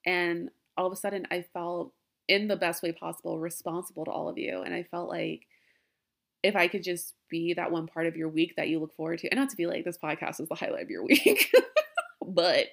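Woman, podcast host, low gravelly voice, rambling and emotional, casual home recording. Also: level tone, fairly quick. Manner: rambling, emotional, laughs often. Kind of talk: casual heartfelt farewell talk. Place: den at home. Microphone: laptop.

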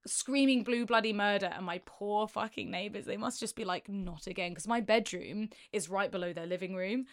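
A woman in her thirties co-hosting a podcast, telling stories in a frank, excitable, profane way. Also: medium pitch, normal speed, few pauses. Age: 30s. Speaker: podcast co-host. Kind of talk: frank casual chat.

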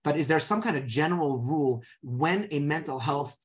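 A man hosting a podcast, asking long questions with frequent restarts. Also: on the high side. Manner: halting, many restarts, thinking aloud. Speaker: podcast host. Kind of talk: podcast interview.

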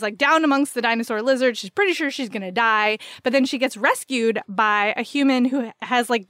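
A woman's voice: fairly high pitch, no echo, studio quality. A woman co-hosting a podcast, chatting casually and enthusiastically about books with lots of "like" fillers. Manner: animated, filler-heavy, enthusiastic. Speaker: podcast co-host. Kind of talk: casual book-recommendation chat.

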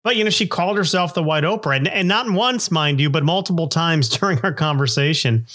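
Middle-aged man, podcast host, slightly raised pitch, loose chatty narration, lots of fillers. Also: animated, a little fast, fairly bright tone. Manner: rambling, self-deprecating, many fillers.

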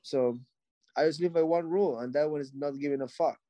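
A man's voice: fairly high pitch, a little fast, very noisy. A young adult man, a fighter being interviewed, speaking bluntly with lots of swearing and fillers. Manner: blunt and profane, frequent "like" and "you know". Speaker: fighter guest. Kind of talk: casual interview talk.

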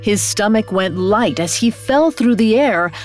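A woman narrating a scripted fairy tale as a storyteller, expressive, rising on dramatic beats. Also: mid-range voice, measured pace, faint music behind.

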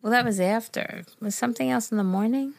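A woman's voice: a little high, brisk, gravelly, no echo. A woman co-hosting a podcast, casually chatting and reacting with short replies. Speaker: podcast co-host. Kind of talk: casual chat.

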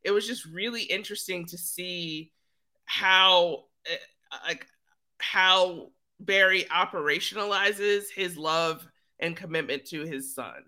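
A woman's voice: fairly low pitch, takes it slowly, bright, forceful tone. A woman co-hosting a TV recap podcast, speaking thoughtfully with some fillers. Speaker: podcast co-host.

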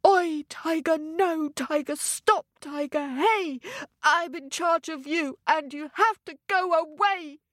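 A woman's voice: sits high, slow, fairly bright tone, no room sound, clean studio sound, voice pushed up. A woman voicing a small boy who bossily orders away his own anger. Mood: commanding. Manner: bossy, commanding.

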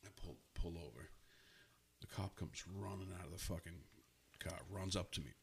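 Gravelly-voiced man telling a rowdy story. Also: sits low, moderate pace, a little hiss or hum. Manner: profane storyteller, quotes himself. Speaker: podcast co-host. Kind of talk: casual chat.

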